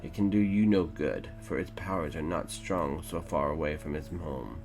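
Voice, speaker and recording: A man voicing a commanding black-cloaked male warlord in a story read aloud, slow and firm. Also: extremely low pitch, over music.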